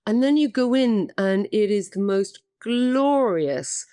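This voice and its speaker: A woman's voice: medium pitch, expressive, slow, mellow, smooth, no echo, studio quality. A middle-aged woman with an Irish accent, a guest actress talking candidly and chattily in a podcast interview, self-deprecating and full of "um"s. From Ireland.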